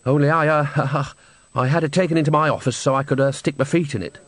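A man's voice: fairly high pitch, fairly even intonation, brisk, no room sound, lightly acted. A man voicing a flustered man who stammers and hesitates with nervous laughs, in an audiobook. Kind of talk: audiobook character voice.

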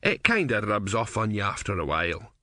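A man's voice: fairly low pitch, very animated, fairly quick, pushed and bright, dry recording, studio quality, heavily acted. A man voicing a chatty, folksy male barman in a storybook reading, rambling in a matter-of-fact way. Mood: chatty easygoing.

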